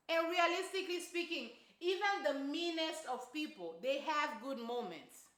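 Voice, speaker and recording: Emphatic high-voiced woman reviewing a movie. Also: bright, forceful tone, roomy sound. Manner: emphatic, repetitive, exclamatory. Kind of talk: casual movie review rant.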